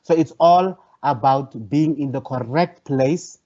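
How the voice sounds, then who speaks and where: A man's voice: mid-range voice, slow pace, warm tone. Man giving a workshop lecture. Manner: conversational, repeats phrases and hesitates. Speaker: professor leading a training workshop. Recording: dull, lo-fi online call audio.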